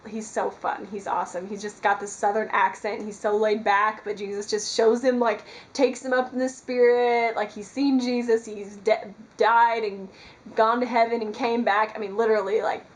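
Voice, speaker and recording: A woman's voice: medium pitch, rough recording. A woman talking earnestly to her camera in a casual devotional vlog, rambling with many fillers. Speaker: Christian vlogger. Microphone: camera mic.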